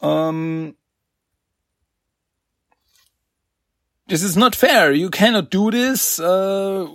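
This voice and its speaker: A man's voice: sits high, slow pace, no echo, clean studio sound, voice pushed up. A man doing a smug, clever teen turtle. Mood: protesting. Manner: sly, teasing. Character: clever, smug teenage boy turtle hero.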